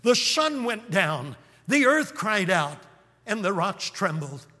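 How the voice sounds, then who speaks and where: A high-pitched man with a bright, ringing voice preaches a dramatic revival sermon. He swings from hushed, drawn-out lows to booming cries, and his voice trails off into the long reverb of a large hall. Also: sing-song.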